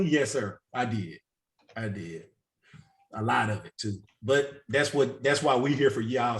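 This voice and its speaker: A man who coaches real estate investing, telling candid stories with a loose, self-mocking manner and frequent laughter on a group video call. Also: fairly low pitch. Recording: roomy echo.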